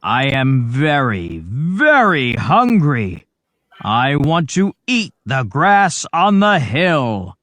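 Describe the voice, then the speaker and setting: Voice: mid-range voice, sing-song, extremely slow, fairly bright tone, no echo, exaggerated voice. A storybook reader voicing a big, mean male billy goat who talks back firmly. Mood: defiant. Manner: firm, defiant.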